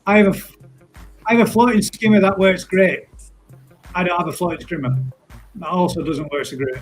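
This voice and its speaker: A man's voice: high voice, fairly even intonation, fairly quick, faint music behind, low-quality recording. A man hosting a live stream, chatting casually and laughing often as he calls people mate.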